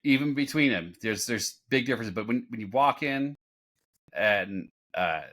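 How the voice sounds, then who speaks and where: A man's voice: medium pitch, lively intonation, a bit bright. A man chatting on a podcast, making jokey asides and restarting his sentences as he goes. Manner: joking, quick asides, repeats words as he starts. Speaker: podcast co-host. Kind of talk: casual podcast chat.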